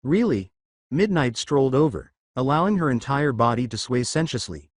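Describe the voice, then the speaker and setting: A man narrates a comic fan-fiction story with brisk, storytelling flair. His pitch moves lively up and down, and the close mic gives a dry, dead sound with no room echo.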